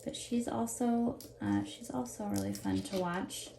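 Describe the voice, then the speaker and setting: Woman, 30s, rambling chatty vlogger with a gravelly edge, recorded in an echoey room with faint background hum. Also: medium pitch, measured pace, mellow. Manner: chatty, rambling, jumps between topics. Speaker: jewelry unboxing vlogger. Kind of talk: casual chat while unboxing. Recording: roomy echo with faint ambience.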